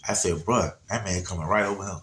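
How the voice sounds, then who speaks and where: A man, telling a story in a slightly low voice. He rambles in a laid-back way, circling back and checking in with his listeners. It is casual, unscripted storytelling. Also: quick pace, a bit bright, slight background noise. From Atlanta area, USA. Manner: rambling, laid-back, frequent "you know what I'm saying".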